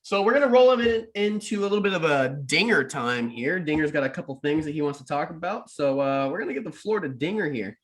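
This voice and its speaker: A young man co-hosting a casual podcast, laughing often and talking with loud, giddy energy. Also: a little high, animated, fast talker, few pauses. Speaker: podcast co-host. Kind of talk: casual chat.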